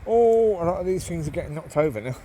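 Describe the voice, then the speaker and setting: A man's voice: on the high side, lively intonation, quick pace, warm tone, a little hiss or hum. A man with a nasal voice talking casually while walking his dogs outdoors in the woods, with plenty of ums. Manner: rambling, many ums, calls out to dogs. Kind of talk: casual walk-and-talk monologue.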